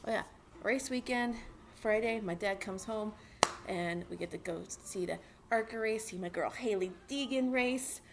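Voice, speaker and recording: A young woman vlogging at home, rambling excitedly with lots of fillers as she talks about racing. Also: mid-range voice, normal speed, heavy background noise. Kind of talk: casual chat to camera. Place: at home with a dog.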